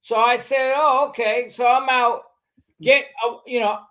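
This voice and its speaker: A man tells a story on a podcast, swearing freely and acting out what others said. His voice sits high for a man. He talks in a lively, streetwise way. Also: measured pace. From New York, USA. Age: 60s. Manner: animated, profane, acts out other people's lines. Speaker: podcast guest. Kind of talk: storytelling in a casual interview.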